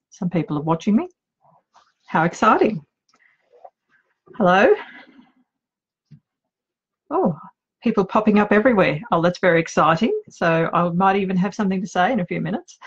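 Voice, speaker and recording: Woman, Australian accent, middle-aged, lowish husky voice, nervous chatty author, self-mocking, home office, dull lo-fi recording. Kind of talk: casual live video chat.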